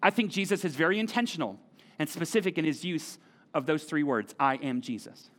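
A man's voice: a little high, lively intonation, a little fast, fairly bright tone. A middle-aged man preaching a sermon in a church, talking conversationally and repeating key phrases for emphasis. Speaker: pastor. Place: church auditorium.

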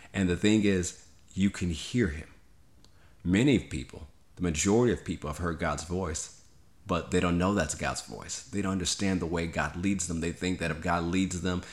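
A man pastor hosting a morning devotional, preaching emphatically and leading listeners in spoken declarations. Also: sits low.

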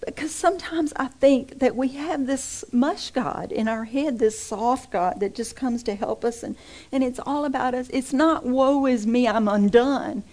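A woman's voice: high-pitched, normal speed, a little mellow. A middle-aged woman, a preacher's wife, delivering an emphatic, repetitive and impassioned sermon.

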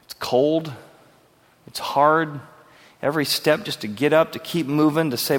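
A man's voice: medium pitch, steady tone, normal speed, long reverb tail. A male pastor preaching a verse-by-verse sermon in an earnest, conversational way, asking his listeners questions.

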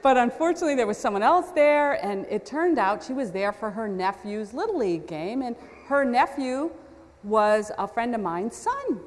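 A woman preacher with a fairly high, very animated voice that rises and falls as she tells a story. She talks conversationally, with self-deprecating asides. A long reverb trails her words around a large hall. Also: normal speed. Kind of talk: storytelling sermon.

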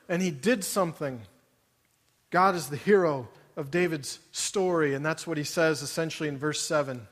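A man's voice: on the high side, fairly bright tone. A man preaching a sermon to his congregation. He asks many emphatic rhetorical questions. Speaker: pastor. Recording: long reverb of a large hall.

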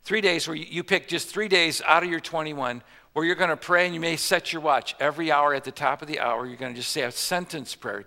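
A man's voice: a little high, fairly quick, bright, forceful tone. A man preaching a sermon in a conversational way, joking and asking the congregation questions. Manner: conversational with jokes and rhetorical questions. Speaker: pastor. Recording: reverberant church hall.

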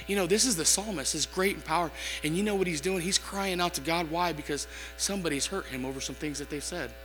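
A male preacher with a bright, forceful voice that rings through a large hall. He reads scripture, then rises into impassioned appeals to the congregation. Soft music plays faintly under his words. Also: a little high. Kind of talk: sermon.

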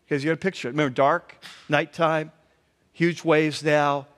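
A man preaching a conversational sermon as a pastor, telling the story in an animated way and acting out the quotes. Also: on the high side, moderate pace. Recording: long hall reverb.

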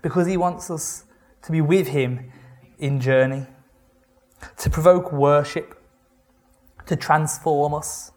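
A man giving a conversational sermon, reading scripture and retelling it with wry, animated asides. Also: fairly high pitch, slow, long pauses. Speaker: preacher.

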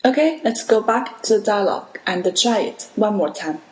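A woman teaching a language lesson on a podcast, explaining words slowly and carefully. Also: mid-range voice, expressive, reverberant, low-quality recording.

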